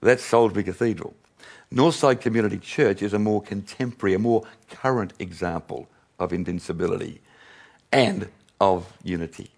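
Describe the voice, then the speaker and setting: A man's voice: lowish voice, normal speed, gravelly, slightly rough. An older man preaching a sermon to his congregation, chatty and self-mocking, often laughing with the crowd. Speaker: pastor.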